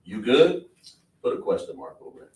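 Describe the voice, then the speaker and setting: A man's voice: on the low side, wildly swooping pitch, normal speed, darkish tone, slight background noise. A man teaching a class at a board, repeating words and quizzing his students with questions. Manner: repetitive, question-and-answer teaching style. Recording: echoey room, voice from a distance.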